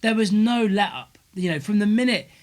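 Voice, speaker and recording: Chatty high-voiced man. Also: moderate pace. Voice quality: laughs often, chatty, acts out quotes. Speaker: comedian co-host. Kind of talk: casual banter and storytelling.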